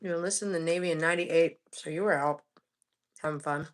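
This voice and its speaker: A Floridian woman in her forties hosts a live cooking stream, eating and chatting casually in a relaxed way while humming with food between remarks. Her voice is deep and fairly quick.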